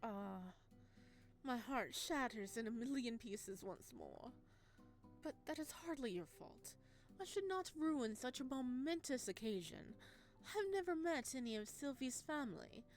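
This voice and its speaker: A man's voice: very high voice, very animated, unhurried, faint music behind, heavily acted. A woman voicing a flamboyant male restaurant owner in a put-on vaguely Italian accent, grandiose and flowery. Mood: effusive.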